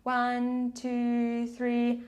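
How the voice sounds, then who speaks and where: Slow, patient woman teaching singing over piano. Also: a little high, monotone, darkish tone. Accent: non-native English accent. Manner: patient, encouraging, counts beats aloud. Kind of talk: step-by-step vocal tutorial. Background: piano chords.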